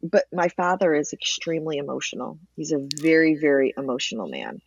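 A woman telling her own story in a candid interview, lively and emotional at times. The sound is dry and close, with a slightly dull, muffled tone. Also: sits low, a little fast, breathy edge, no room sound. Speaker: interview guest, cancer advocate.

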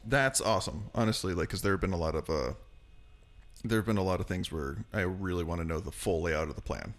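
A podcast co-host chatting casually in a relaxed, dry way, with hesitant restarts. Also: male voice, sits low, brisk. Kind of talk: casual chat.

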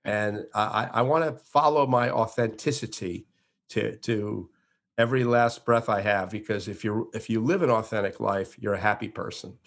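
A man in his sixties from Florida, an entertainer telling stories as an interview guest, animated, with frequent restarts. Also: fairly low pitch, normal speed. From Florida, USA. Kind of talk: interview conversation.

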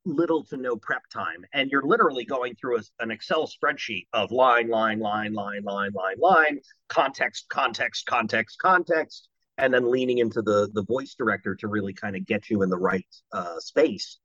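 A man, a voice actor, telling animated and jokey stories in an interview. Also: medium pitch, moderate pace, no room sound, dull audio. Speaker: voice actor guest. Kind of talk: anecdotal interview talk.

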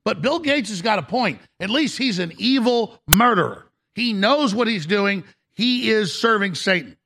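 A middle-aged man hosting a talk show, delivering an aggressive, shouting rant in a raspy voice. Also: high voice, lively intonation, normal speed. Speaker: radio talk show host. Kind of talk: ranting talk-show monologue.

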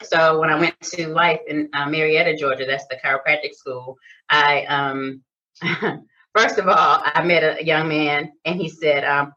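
A middle-aged woman from Detroit, a chiropractor, telling lively stories in a casual interview. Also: low voice, normal speed. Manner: animated storyteller, acts out quoted voices. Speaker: guest, chiropractor. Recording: distant lo-fi sound.

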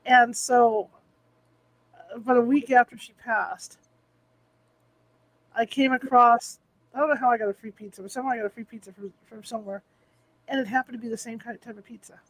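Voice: mid-range voice, fairly even intonation, fairly quick, pauses often, a bit bright, no echo. An interviewer chatting casually and sharing a reflective personal story.

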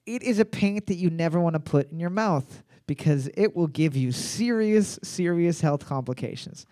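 A man with a high voice hosting a casual trivia quiz, heard dry and close. He reads each question twice and swears freely between laughs. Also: animated, normal speed, mellow, dry recording. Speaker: quiz host.

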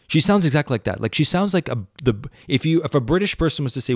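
A man's voice: mid-range voice, sing-song, quick pace, few pauses, no echo, clean studio sound. Sarcastic man ranting on a podcast. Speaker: podcast host. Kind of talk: solo podcast rant.

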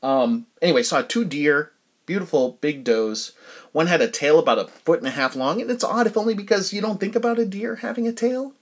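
A middle-aged podcast host talks casually on his own, wandering from thought to thought. His voice sits a bit high for a man, and he fills pauses with "uh" and "like" as he restarts his sentences. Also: animated. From New Hampshire. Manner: rambling, chatty, self-interrupting with fillers. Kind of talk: casual solo podcast chat.

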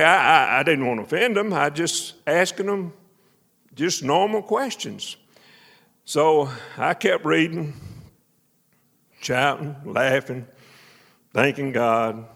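A man preaching a sermon as a folksy, animated story, shouting praise and laughing along the way. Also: fairly high pitch, takes it slowly, creaky, pauses often. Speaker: preacher and minister of missions. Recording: echoey hall.

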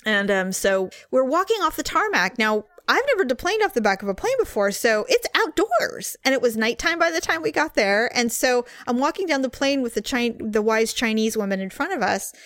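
A woman with a somewhat high voice tells a rambling travel anecdote in casual conversation, laughing as she goes. The sound is dry and close, with almost no room around her. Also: a little fast, hardly any pauses, dry recording. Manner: chatty, animated storytelling with laughs. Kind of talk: casual storytelling chat.

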